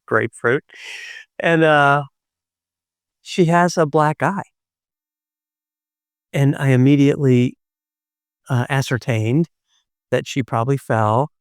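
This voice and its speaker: A middle-aged man and podcast host telling a personal story in a gentle, unhurried way, with thoughtful pauses. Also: mid-range voice, smooth, dry recording, studio quality.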